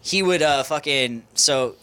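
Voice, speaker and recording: A man's voice: a little high, a little slow, bright, forceful tone, clear, resonant tone. A man chatting casually with friends and adding wry, dry comments. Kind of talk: casual chat.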